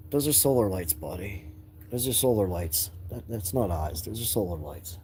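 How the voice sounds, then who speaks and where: A man's voice: fairly low pitch, animated, normal speed, darkish tone, a little hiss or hum, rough recording. A man talking casually on a livestream at night from indoors by a window, rambling in an easygoing way and chuckling often. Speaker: livestream host talking to chat and his young son.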